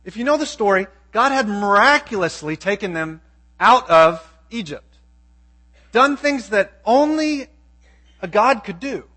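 A man's voice: high voice, pushed and bright. A man preaching a sermon, reading scripture and asking his listeners pointed questions. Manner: emphatic, asks the audience questions.

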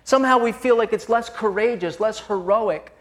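A man's voice: high voice, normal speed, a bit bright. A man preaching a sermon in a conversational, confessional way, calling his listeners "gang" as he moves between personal stories and scripture.

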